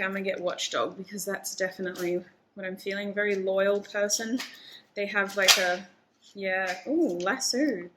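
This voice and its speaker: Woman, tarot reader, casual chat to camera, chatty, bright voice, faint background hiss. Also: medium pitch. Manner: chatty, thinks aloud, laughs often.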